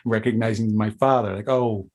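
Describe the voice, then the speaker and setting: A man hosting a casual podcast interview, talking in a rambling way with many restarts and jumping up in pitch when he tells a story. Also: a little fast. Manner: rambling, full of restarts, animated when imitating his father. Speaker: podcast host.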